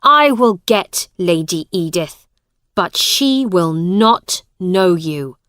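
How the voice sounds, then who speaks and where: A woman's voice: fairly low pitch, animated, slow pace, a bit bright, no echo, studio quality. A woman reading a stern hostile brother. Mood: angry. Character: cold, hostile younger brother, a grown man.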